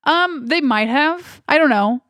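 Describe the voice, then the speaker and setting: A woman's voice: high voice, animated, a little slow, a bit bright, no echo, studio quality. A woman co-hosting a podcast, chatting casually about a movie with many restarts and fillers. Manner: rambling, hesitant with many restarts. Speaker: podcast co-host.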